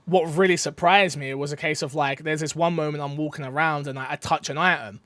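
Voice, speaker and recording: A man casually and enthusiastically sharing first impressions of a game preview, telling anecdotes in an animated way. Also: fairly high pitch, quick pace. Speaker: gaming channel co-host.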